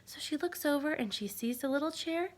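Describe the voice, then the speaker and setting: A woman telling a children's fairy tale aloud with an animated delivery, sometimes dropping to a whisper. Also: high-pitched, fairly quick. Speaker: storyteller. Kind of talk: reading a children's story aloud.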